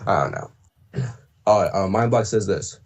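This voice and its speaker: A man chatting casually on a livestream about doing voice impressions, rambling with many fillers and throat clears. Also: lowish voice, measured pace, darkish tone. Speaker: streamer and voice impressionist.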